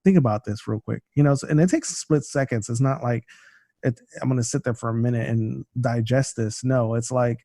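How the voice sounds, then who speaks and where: A man in casual podcast chat, speaking at a middle pitch. He rambles, circles back and restarts his thoughts, filling gaps with "you know." The sound is dry, with no room around it. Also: steady tone, brisk, mellow, dry recording. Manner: rambling, many fillers and restarts. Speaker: podcast co-host. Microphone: studio mic.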